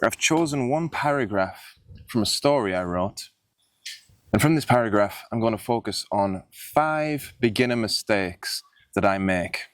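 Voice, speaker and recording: A man's voice: lowish voice, expressive, a little slow, no echo. A young man hosting a writing video, explaining mistakes in his old story in a plain, self-critical way. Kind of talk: casual teaching monologue.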